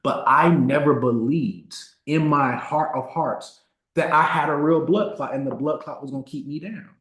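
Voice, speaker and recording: A man in his thirties giving a motivational talk, telling a personal story and slowing down to stress key words. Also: fairly high pitch, a bit bright. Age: 30s. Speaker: motivational speaker. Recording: roomy echo.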